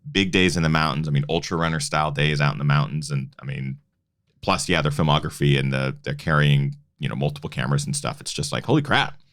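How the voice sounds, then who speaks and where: A male host with a very deep voice chats on a live show, animated and exclamatory. His voice is close and dry. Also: quick pace, no echo. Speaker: podcast host. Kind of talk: casual chat on a live show.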